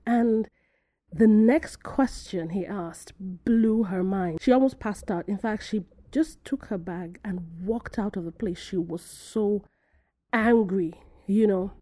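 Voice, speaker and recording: Woman from africa, solo podcast host, mellow warm voice, dry close sound, lively storyteller. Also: mid-range voice, takes it slowly, no echo. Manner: animated storytelling, acts out quoted voices.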